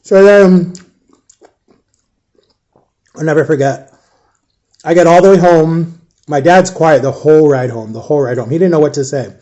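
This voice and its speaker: A young man telling his own painful story, halting and repeating himself, close to tears at times. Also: fairly high pitch, mellow. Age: young adult. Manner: halting, repeats himself, acts out quoted voices. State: emotional, near tears. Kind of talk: personal storytelling.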